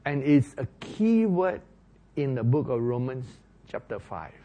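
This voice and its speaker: A man preaching a sermon, explaining Bible verses slowly and stressing key words, often asking the listeners questions. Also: medium pitch, sing-song. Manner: slow, emphatic, rising to loud stresses on key words.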